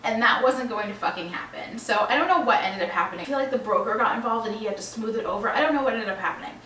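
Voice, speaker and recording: Animated young woman telling a story. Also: on the high side, quick pace. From Long Island, New York. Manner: animated, swearing, acts out both sides of phone calls. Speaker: vlogger. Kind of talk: casual storytime. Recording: roomy echo, voice a bit far from the mic, faint background noise.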